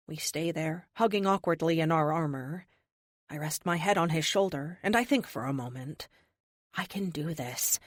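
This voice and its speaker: A woman narrating a first-person audiobook in an expressive, youthful, wry manner. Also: deep voice, moderate pace, no room sound, studio quality.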